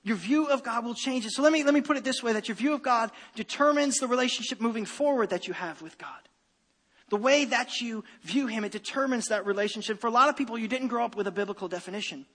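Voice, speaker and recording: A man preaching a sermon as pastor, animated and given to repeating his phrases and restarting sentences. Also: extremely high pitch, fast, in a large hall.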